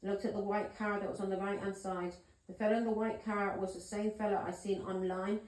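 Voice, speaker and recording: A woman's voice: mid-range voice, flat delivery, brisk, a little mellow. Emphatic storytelling woman in echoey room. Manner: emphatic, swears, keeps asking "yeah?" and "do you understand me?". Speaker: tarot reader. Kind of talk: casual storytelling to camera.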